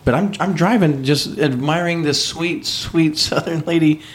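A man from California, a podcast host, telling a story in casual, profane, animated talk and putting on quoted voices. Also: a little high, measured pace.

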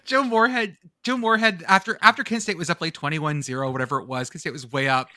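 A man co-hosting a casual sports podcast, excitable and profane. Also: on the high side, quick pace, no room sound, studio quality. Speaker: podcast co-host.

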